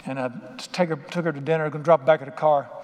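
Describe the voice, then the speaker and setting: Middle-aged guy preaching, folksy and punchy, voice a bit high, long echo of a church hall. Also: steady tone, fast talker. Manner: folksy, emphatic storytelling with southern colloquialisms. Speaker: pastor. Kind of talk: sermon.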